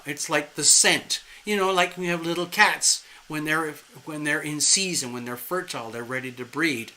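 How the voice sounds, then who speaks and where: Tarot reader on a live stream; a man with a bright, fairly high voice, chatty and animated. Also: poor audio. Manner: animated, chatty, conversational and playful.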